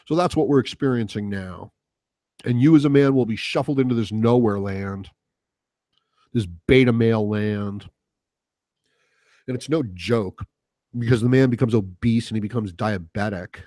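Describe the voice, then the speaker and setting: A man's voice: on the low side, moderate pace, pauses often, warm tone, dry recording, studio quality. A man hosting a solo podcast, ranting casually in a rambling, profane way with lots of fillers. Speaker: podcast host.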